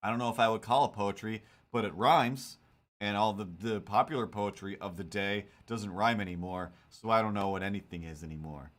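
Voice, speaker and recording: A man's voice: on the low side, brisk, a bit bright. A man streaming while he draws, chatting casually in a rambling, self-mocking, jokey way. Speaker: cartoonist streamer.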